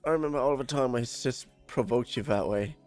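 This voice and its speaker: A man's voice: mid-range voice, fairly quick, faint music behind. A man with a German accent reading game dialogue aloud on a stream, tripping over words and swearing when annoyed.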